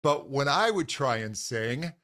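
Guest voice teacher, male, mid-pitched, earnest, loose conversational delivery. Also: expressive, unhurried, pushed and bright. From grew up in a Scottish household. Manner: earnest, enthusiastic, many fillers and restarts. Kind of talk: casual interview talk.

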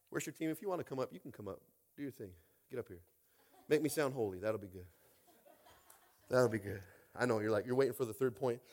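A male pastor preaching a lively sermon, swinging between quiet asides and loud shouted exhortations, repeating lines and asking the congregation if they are with him. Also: mid-range voice, quick pace, pauses often. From United States.

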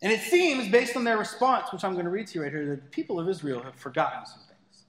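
A man's voice: high voice, expressive, fast, a bit bright. A man preaching a sermon as pastor, talking conversationally with playful asides. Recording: echoey hall with long reverb.

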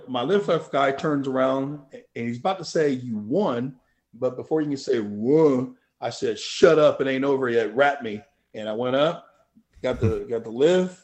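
A man spins a story in an interview, casual and profane. He drops to low mutters, then bursts out loud. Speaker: guest.

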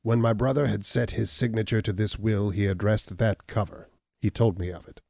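A man's voice: on the low side, fairly even intonation, normal speed, gravelly, darkish tone, no echo. A man voicing a cunning, mocking hunchbacked man in a read-aloud story. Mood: sly.

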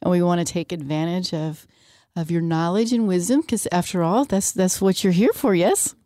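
A woman's voice: fairly low pitch, moderate pace, mellow, no room sound, studio quality. A woman hosting a faith radio talk show, chatty and enthusiastic, with a lot of fillers. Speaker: radio host.

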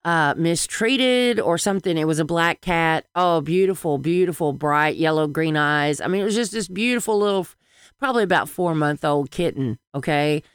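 Woman, Southern accent, podcast co-host, rambling casual chat, smooth voice, dry close sound. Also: low voice, moderate pace, dry recording. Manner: rambling, animated, swearing.

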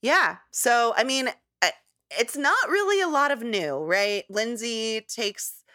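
A woman's voice: fairly high pitch, big pitch swings, takes it slowly, bright, forceful tone. A woman co-hosting a podcast, chatting casually about a reality show and laughing often. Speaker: podcast co-host.

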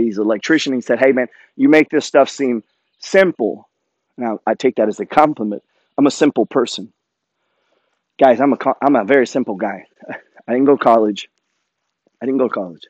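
A middle-aged man giving a blunt, profane motivational rant about money and work, swinging between loud jabs and low asides. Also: no room sound, lo-fi sound. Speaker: finance content creator.

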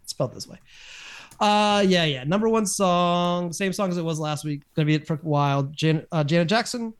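A man's voice: high voice, a little fast, smooth. A man co-hosting a podcast, chatting casually in a rambling way, often correcting himself. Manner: rambling, self-correcting, chuckles. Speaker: podcast co-host. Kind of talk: casual chat.

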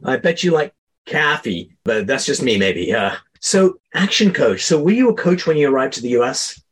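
A man hosting a podcast interview, talking in an energetic, promotional way. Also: mid-range voice, moderate pace, breathy edge. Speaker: podcast host.

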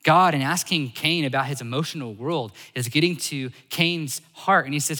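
Bright-voiced animated male preacher. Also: fairly high pitch, moderate pace, hardly any pauses, big-room sound. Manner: animated, swings between loud emphasis and soft asides. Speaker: pastor. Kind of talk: sermon.

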